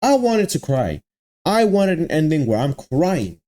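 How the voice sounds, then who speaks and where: A man's voice: a little high, very animated, measured pace, mellow. A young man hosting an anime reaction video, ranting in exasperation, repeating himself and using lots of slang, and talking straight to his viewers. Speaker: anime reaction channel host.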